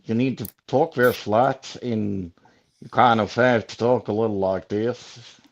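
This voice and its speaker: A man guesting on a live chat stream, joking crudely with a deadpan delivery. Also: fairly low pitch, measured pace, creaky. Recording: dull lo-fi mic.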